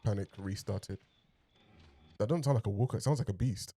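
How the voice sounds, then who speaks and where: A man's voice: lowish voice, fairly quick, mellow, slight background noise. A man hosting a TV reaction video, talking expressively to his viewers, laughing and trailing off as he reacts. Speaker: TV reaction host. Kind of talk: emotional reaction commentary.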